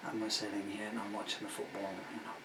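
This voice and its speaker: A man's voice: lowish voice, monotone, fast talker, background noise. A man in his sixties who grew up in England, a singer-songwriter chatting between songs in a rambling, self-mocking way full of asides. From England, of Irish family. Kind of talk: casual chat between songs. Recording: roomy room, distant mic, guitar.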